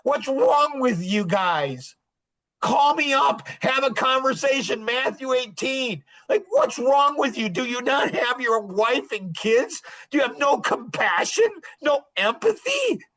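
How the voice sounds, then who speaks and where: An older man with a notably high voice speaks as a podcast guest over a video call. His talk is impassioned and indignant, and his pitch swings up and down with emotion. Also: lively intonation, takes it slowly, fairly bright tone, poor audio. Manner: indignant and emotional, rising and falling sharply.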